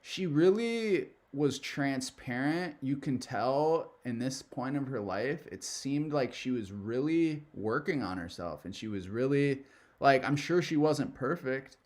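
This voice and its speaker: A man's voice: mid-range voice, expressive, measured pace, darkish tone. A young adult man hosting a reaction video, talking in a loose, rambling, profane way. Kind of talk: casual commentary.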